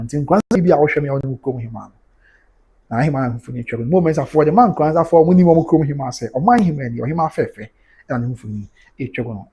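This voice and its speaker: A Ghanaian man with a slightly husky, breathy voice hosts a casual livestream. His pitch sits in the middle range, and he talks in an animated, exclamatory way, switching between Twi and English. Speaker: livestream news host.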